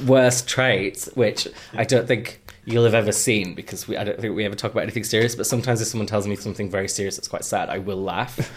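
A man's voice: on the low side, steady tone. A man in his thirties with a Geordie accent, co-hosting a comedy podcast in giggly, rambling casual chat. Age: 30s. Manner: giggly, rambling, quick asides. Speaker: podcast co-host.

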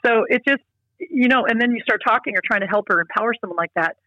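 A woman's voice: on the high side, quick pace, sharp tone, no echo, highs cut off. A middle-aged woman speaking as an interview guest. She talks earnestly and emphatically, often restarting her sentences. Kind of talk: casual interview talk.

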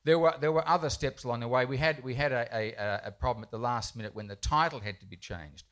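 A man's voice: mid-range voice, fast talker, fairly bright tone. A man who writes poems for children tells a rambling, self-deprecating anecdote to a live audience in a bookshop, with frequent restarts. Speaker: children's poet speaking at a festival panel. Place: bookshop event space, indoors.

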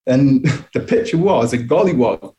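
A man's voice: mid-range voice, animated, a little slow, warm tone. A middle-aged man telling personal childhood stories in a reflective way, often chuckling and restarting his sentences. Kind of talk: personal storytelling.

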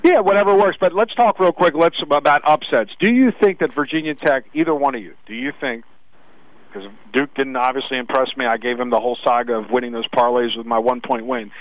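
A man co-hosting a sports radio show, pushing his betting picks in quick, insistent bursts. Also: medium pitch, no room sound, muffled recording. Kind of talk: casual sports betting talk.

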